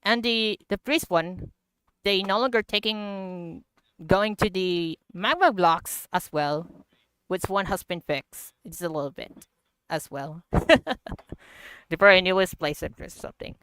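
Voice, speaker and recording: A woman streaming a block-building game, talking through the update in slow, halting English with frequent laughter. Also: on the low side, a bit bright, clear, resonant tone, dry recording. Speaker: gaming livestreamer. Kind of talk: casual game commentary.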